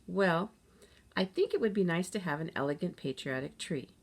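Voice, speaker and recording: A woman reading as a cheerful, gentle mother. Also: fairly low pitch, expressive, moderate pace. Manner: cheerful, soothing.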